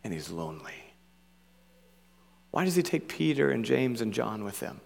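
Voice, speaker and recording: Male pastor, mid-pitched, earnest and emphatic sermon delivery with lots of "right?", long church reverb. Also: very animated, moderate pace, creaky, pauses often. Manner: earnest, emphatic, repeats phrases with frequent "right?".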